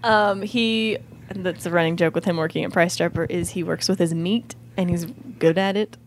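A woman's voice: fairly low pitch, steady tone, normal speed, slight background noise. A young woman chatting as a podcast guest, giggly and hesitant with many fillers. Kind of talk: casual podcast banter.

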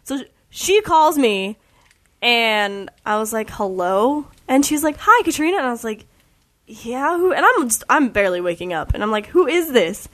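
A young woman telling a story in casual chat, animated and full of "like"s. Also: on the high side, moderate pace. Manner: chatty, animated, many "like"s.

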